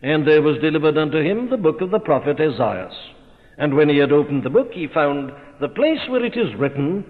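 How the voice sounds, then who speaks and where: A man preaching in a slow, stately, measured way that swells with force at moments. His voice sits fairly high and carries a long hall reverb. The recording is thin and phone-like, as from an old church tape. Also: very animated. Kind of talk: sermon. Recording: tinny narrow-band recording in a reverberant hall.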